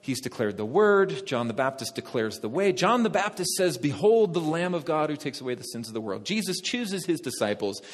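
A male pastor preaching a sermon, lively, talking directly to the congregation. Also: a little high, a little fast, few pauses. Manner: lively, talks to the congregation, laughs at own jokes. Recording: long reverb of a hall.

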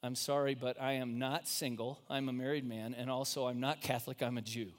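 A man's voice: medium pitch, flat delivery, fairly quick, big-room sound, lightly acted. Sheepish male cab driver, hesitant and apologetic , voiced by a preacher in his sermon. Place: church.

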